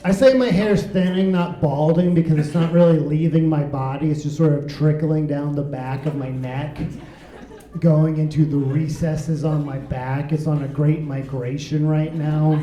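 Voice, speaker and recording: A man's voice: fairly high pitch, fairly even intonation, moderate pace, dark tone. Wry man doing stand-up in an echoey club. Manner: wry, playful, absurd asides. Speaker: stand-up comedian. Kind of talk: stand-up comedy set. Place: comedy club stage.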